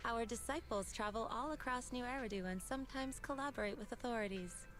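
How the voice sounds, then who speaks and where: A woman's voice: on the high side, a bit bright, natural voice. A woman voicing Yixuan, a serene mystic. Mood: composed. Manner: measured, formal and serene. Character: calm composed young woman mystic. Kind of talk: game voice acting. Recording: game audio with faint music.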